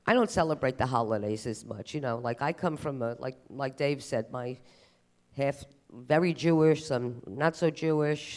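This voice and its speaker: A man performing a self-deprecating stand-up comedy routine on stage. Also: on the high side. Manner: animated, self-deprecating delivery. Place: live comedy stage at a museum event.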